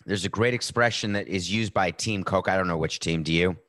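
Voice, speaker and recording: A man's voice: deep voice, brisk, a bit bright, no room sound. A middle-aged man hosting a sports talk show, giving a brash, sarcastic monologue with a tired, sore voice. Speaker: podcast host.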